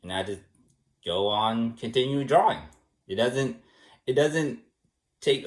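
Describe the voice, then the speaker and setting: A man in a casual rambling monologue who shrugs things off in soft, dismissive replies. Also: medium pitch, lively intonation, unhurried, pauses often. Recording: roomy echo.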